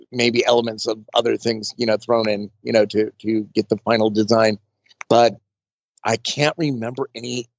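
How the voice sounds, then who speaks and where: A man guest in an interview, talking in loose, winding anecdotes full of "like" and "you know." His voice sits at an ordinary pitch. It comes through dull and dry, as if from a modest mic with no room sound. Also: vocal fry, no room sound. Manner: chatty, rambling, full of fillers and restarts. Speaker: makeup artist guest. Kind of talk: casual storytelling interview.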